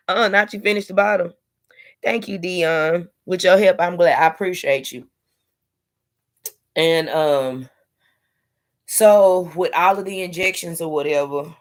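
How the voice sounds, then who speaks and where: A young woman in casual live-stream chat, candidly talking to her viewers with sassy asides. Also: low-pitched. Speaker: vlogger sharing her IVF journey.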